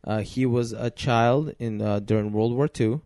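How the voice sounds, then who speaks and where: A man at a middle pitch, recorded dry with no room sound. He tells his story earnestly, pausing and hesitating as he finds his words. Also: fairly even intonation, mellow, no echo. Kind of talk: casual chat.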